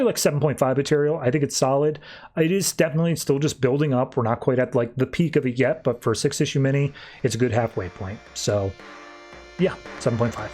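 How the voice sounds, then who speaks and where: A man's voice: mid-range voice, a little mellow. A man hosting a podcast, casually recapping and reviewing a comic book with lots of "uh" and "like". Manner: retells scenes breezily, with lots of "uh" and "like". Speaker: podcast host.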